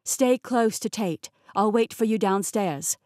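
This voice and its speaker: A woman's voice: medium pitch, measured pace, a little mellow, no room sound, lightly acted. Brief: woman voicing an urgent, protective winged creature, storybook audiobook, dry close sound.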